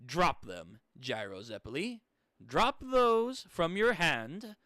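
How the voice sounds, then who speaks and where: A man's voice: on the high side, sing-song, slow pace, pushed and bright, no room sound, full character voice. A man voicing a cold, menacing male cyborg soldier with a put-on German accent while reading a comic aloud. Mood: threatening. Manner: threatening, commanding.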